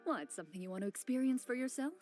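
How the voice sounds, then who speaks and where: An actress voicing a calm, composed champion duelist in a video game, speaking in a measured, reserved, quietly dry way. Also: female voice, sits high, soft background music. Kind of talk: game voice acting.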